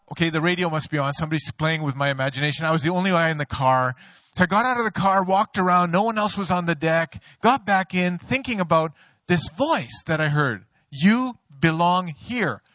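A middle-aged pastor delivers his sermon in a high, bright voice. He tells stories with a playful, joking touch. The sound is dry and close. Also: animated, brisk, dry recording. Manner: storytelling, playful, laughs at own jokes.

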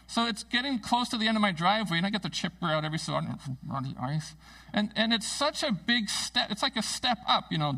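A middle-aged male pastor giving a casual, conversational sermon in a church, self-deprecating and animated when he tells stories. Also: high-pitched, gravelly, recorded from a distance, low-quality recording. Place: church sanctuary.

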